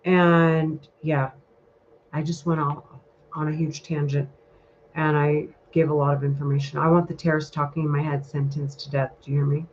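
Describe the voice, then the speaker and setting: A woman's voice: sits low, level tone, normal speed, a little hiss or hum. A woman talking in a casual vlog monologue, rambling and heated, with a lot of swearing. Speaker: vlogger. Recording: muffled lo-fi recording.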